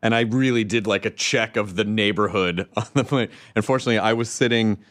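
A man from the American South hosting a casual chat, animated and quick to laugh. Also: fairly low pitch, no echo.

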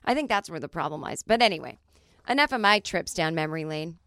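Chatty woman podcast host, smooth voice. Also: on the low side, quick pace, no echo, clean studio sound. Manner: chatty, animated storytelling with many fillers. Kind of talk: casual comedic monologue.

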